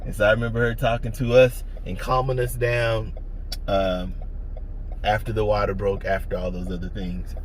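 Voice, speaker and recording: A man's voice: lowish voice, normal speed. A young man, telling a candid personal story as a father in a casual vlog. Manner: candid, animated retelling. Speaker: vlogger, father. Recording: noisy outdoor ambience with traffic.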